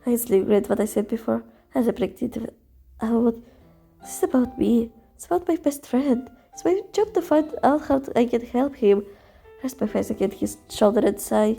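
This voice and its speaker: A woman's voice: fairly high pitch, expressive, normal speed, vocal fry, mellow, slightly rough, soft background music. A woman reading a visual novel aloud in the first person, emotional, with stumbles and restarts. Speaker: reader voicing a visual novel.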